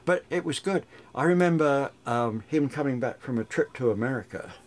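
A man's voice: mid-range voice, expressive, normal speed. An older man, a radio DJ chatting through memories in an interview, rambling with frequent restarts. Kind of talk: reminiscing interview.

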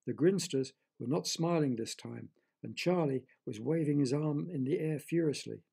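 A man narrating a children's audio story in a gentle, expressive reading manner. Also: on the high side, normal speed, vocal fry, breathy edge.

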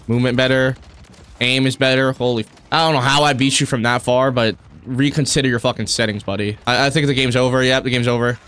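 A young man streaming a shooter game, commenting live with profane, excitable and frustrated outbursts. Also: medium pitch, fast, clear, resonant tone. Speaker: gaming streamer.

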